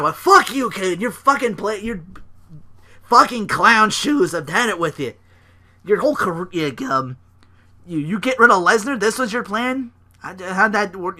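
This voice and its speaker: A man's voice: sits high, voice pushed up, heavily acted. A man voicing a furious young male wrestler who rants and curses at his partner. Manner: ranting, cursing, drawn-out yells.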